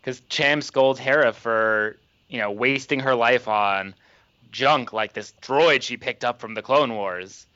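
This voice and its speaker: A man co-hosting a casual podcast chat, talking eagerly with quick asides. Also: mid-range voice, sharp tone, no room sound. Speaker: podcast co-host. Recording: dry dull lo-fi sound.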